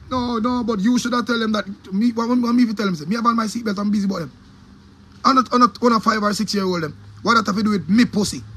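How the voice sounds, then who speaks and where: High-voiced, fiery Jamaican man ranting. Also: fast, bright, forceful tone, breathy edge. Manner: angry, profane, repetitive ranting. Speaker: DJ giving opinions. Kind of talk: heated opinion rant.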